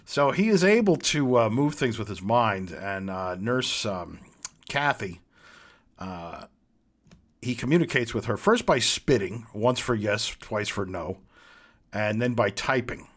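A man's voice: on the low side, animated, unhurried. A man co-hosting a casual movie chat, sharing trivia with enthusiasm. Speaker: podcast co-host.

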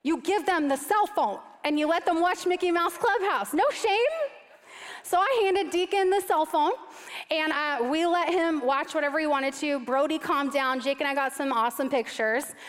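A high-voiced woman in her thirties preaches from a stage, mixing animated, self-mocking storytelling with scripture. Her voice carries a long reverb from a large church hall. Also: moderate pace. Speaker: speaker giving a sermon. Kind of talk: storytelling sermon.

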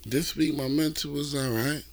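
A man co-hosting a casual podcast, talking in a relaxed way, repeating phrases and stopping often to say "um.". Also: on the high side, moderate pace. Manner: laid-back, repeats phrases, lots of fillers. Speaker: podcast co-host. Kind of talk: casual chat.

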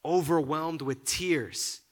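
A man preaching a sermon, often repeating his words and building to loud, emphatic peaks. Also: on the high side, slow pace. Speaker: pastor.

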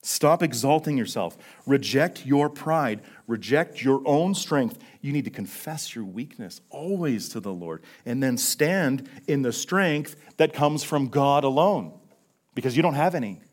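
Earnest preaching man, hushed to emphatic. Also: medium pitch, expressive, normal speed. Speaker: pastor. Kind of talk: sermon.

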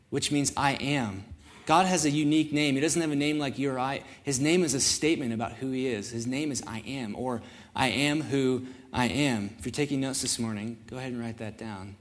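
A young man on a church's student ministry staff preaching a sermon, telling stories in a casual, self-deprecating way. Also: mid-range voice.

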